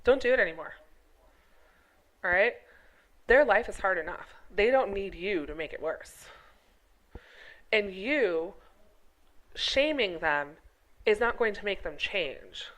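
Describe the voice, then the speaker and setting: A middle-aged woman vlogger delivering a to-camera rant. Her voice sits at an ordinary middle pitch. She scolds emphatically and keeps checking in with the viewer with "okay?" and "right?". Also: lively intonation, takes it slowly, long pauses, fairly bright tone, poor audio. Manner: emphatic, scolding, rhetorical questions. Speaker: vlogger, health teacher.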